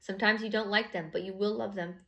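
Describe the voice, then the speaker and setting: A woman with a gravelly, fry-edged voice at a middle pitch gives a casual tarot reading to camera. She talks in a loose, rambling way, full of fillers and profanity, blunt and prone to laughing. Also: steady tone, fast talker, sharp tone. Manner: laughs while talking. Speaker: tarot reader.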